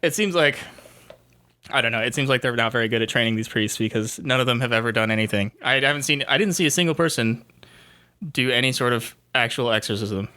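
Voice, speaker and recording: A man's voice: mid-range voice, fast talker, pushed and bright. A young man co-hosting a podcast, chatting casually about a movie, rambling, swearing and acting out lines in silly voices. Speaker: podcast co-host. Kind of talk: casual movie review chat.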